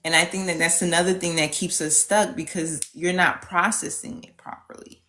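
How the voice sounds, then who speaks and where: Woman guest on a podcast, lower voice, reflective and rambling a bit. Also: steady tone, normal speed, bright, forceful tone, slight background noise. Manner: reflective, thoughtful, speaks in loose run-on phrases. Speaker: podcast guest, end-of-life specialist. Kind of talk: casual podcast conversation.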